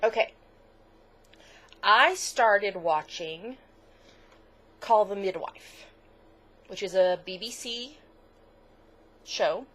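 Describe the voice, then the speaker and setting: A woman's voice: medium pitch, very slow, pauses often, fairly bright tone. A middle-aged woman co-hosting a crafts podcast in casual chat, gushing, chatty and easily moved. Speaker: podcast co-host.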